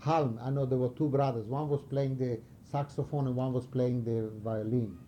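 Older man from Romania for an oral history interview: dark mellow voice, searches for words as he tells his stories. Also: medium pitch, slight background noise. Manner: halting, searching for words, animated storytelling. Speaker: interviewee recalling wartime past.

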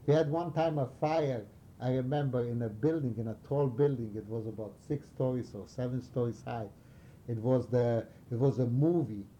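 Older man from Romania for an oral history interview: dark mellow voice, searches for words as he tells his stories. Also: medium pitch, a little hiss or hum. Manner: halting, searching for words, animated storytelling. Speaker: interviewee recalling wartime past.

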